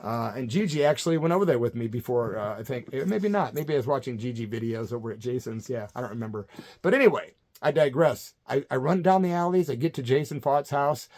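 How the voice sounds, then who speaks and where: A middle-aged man telling a story from his youth in a casual, animated way, acting out other people's lines. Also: medium pitch, fast talker. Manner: animated, acts out quoted voices, swears casually. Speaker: punk vocalist telling a story.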